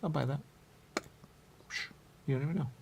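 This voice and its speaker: A man's voice: mid-range voice, normal speed, vocal fry, noisy background. A man hosting a talk show, rambling playfully with sing-song repetitions and riffs. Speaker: radio show host.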